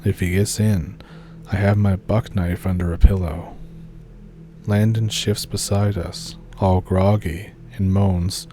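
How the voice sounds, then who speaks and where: A man reading a scary first-person story aloud in a steady, low-key scripted narration. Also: slow, slight background noise.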